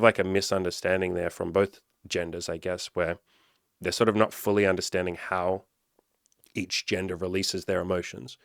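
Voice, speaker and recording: A young man with a fairly low voice talks through relationship lessons in a loose, casual monologue. He is blunt, swears freely and leans on "like" constantly. The sound is close and dry, with no room around it. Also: gravelly, fairly bright tone, no echo. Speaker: coach.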